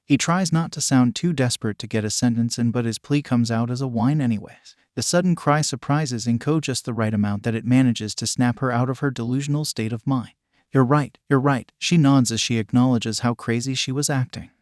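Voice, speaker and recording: A man giving a steady, scripted narration of a fan-fiction story. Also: medium pitch, brisk, few pauses, no echo, clean studio sound.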